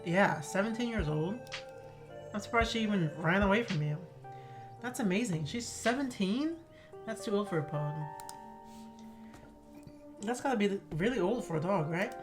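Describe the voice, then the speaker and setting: A woman's voice: mid-range voice, expressive, moderate pace, pauses often. A woman streamer chatting casually and reacting aloud while she plays a story game. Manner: chatty, reacts aloud, asks questions to herself. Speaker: gaming streamer. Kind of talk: let's play commentary and reading game text aloud. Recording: game music playing behind.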